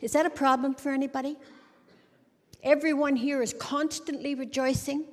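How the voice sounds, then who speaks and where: A woman's voice: high-pitched, little pitch movement, normal speed. A middle-aged woman giving a humorous sermon on a church stage, a wry storyteller who jokes and acts out little scenes. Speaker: church speaker. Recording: long hall reverb.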